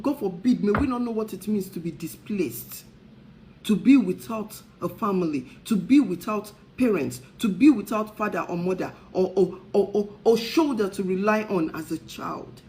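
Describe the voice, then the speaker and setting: A woman's voice: mid-range voice, animated, unhurried, dark tone, slight background noise, low-quality recording. A woman hosts a talk show and delivers her message like a sermon. She presses her point with a string of repeated rhetorical questions, speaking with conviction. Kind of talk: impassioned preaching-style talk.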